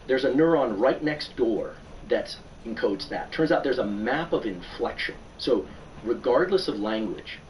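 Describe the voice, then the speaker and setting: A man, a neuroscientist guest on a podcast, explains research step by step in a measured, thoughtful way. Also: medium pitch, expressive, a little mellow. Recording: distant podcast audio with faint noise.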